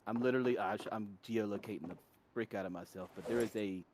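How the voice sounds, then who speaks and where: A man's voice: fairly low pitch, fast talker, a little mellow, a little hiss or hum. A man from North Carolina chatting casually, telling rambling stories full of tangents and self-corrections. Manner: rambling, tangent-prone storytelling. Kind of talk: casual chat.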